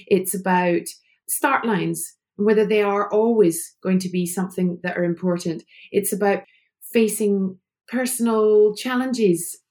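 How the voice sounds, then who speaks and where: A woman's voice: medium pitch, measured pace, a little mellow. A middle-aged woman hosting a podcast, talking in a gushing, enthusiastic and chatty way. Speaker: podcast host. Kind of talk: casual podcast interview.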